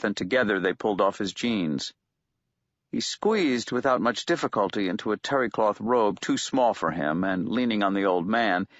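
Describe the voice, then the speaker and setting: A man narrating an audiobook in a measured, steady way. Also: lowish voice, no echo. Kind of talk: scripted narration. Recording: dull lo-fi dry recording.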